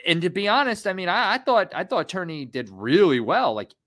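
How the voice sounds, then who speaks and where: Animated rambling man on a podcast. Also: high-pitched, brisk. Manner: animated, rambling, swears freely. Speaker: podcast co-host. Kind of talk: casual fight-talk podcast chat.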